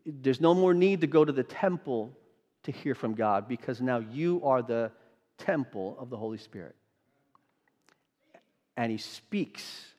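A man's voice: mid-range voice, expressive, unhurried, long pauses, a little mellow. A male pastor preaching a sermon, emphatic, quizzing the congregation with rhetorical questions. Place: church sanctuary. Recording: long hall reverb.

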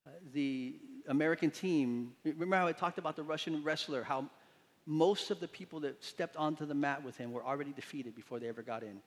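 A man preaching to his congregation in a sanctuary with a long, ringing reverb. His voice sits a little higher than most men's, and he brings his stories to life by acting out the people in them. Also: brisk. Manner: animated storytelling, acts out quotes with voices. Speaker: pastor. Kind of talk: sermon. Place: church sanctuary.

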